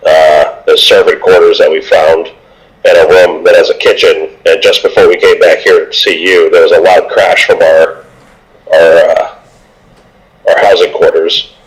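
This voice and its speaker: Very deep-voiced man playing a tabletop game. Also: little pitch movement, unhurried, rough recording. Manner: casual, rambling with fillers. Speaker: player. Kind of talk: tabletop game recap and play.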